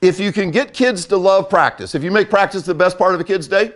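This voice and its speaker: A man's voice: high voice, brisk. An older man and football coach giving a blunt, emphatic talk, repeating key points for effect.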